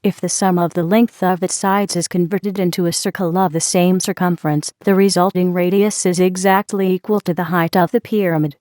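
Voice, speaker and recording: A woman reading the part of a talkative woman from a neighboring table, who explains things in a steady, lecturing way. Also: fairly low pitch, fairly quick, few pauses, no echo, studio quality, lightly acted. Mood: explaining.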